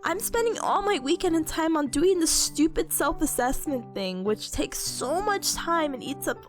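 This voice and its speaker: A young woman chatting casually on a stream, sick with a nasal, hoarse voice, giggly and rambling. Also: high voice, big pitch swings, moderate pace, soft background music.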